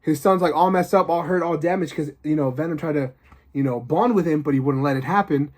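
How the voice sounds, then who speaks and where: Rambling man pitching fan movie ideas. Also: a little fast. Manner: rambling, excited, lots of fillers. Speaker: video host.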